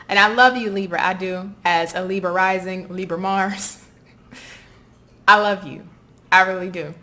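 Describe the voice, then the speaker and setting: A woman's voice: on the low side, bright, forceful tone. A woman with a Southern US accent giving a casual, encouraging tarot reading straight to her viewers. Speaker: tarot reader.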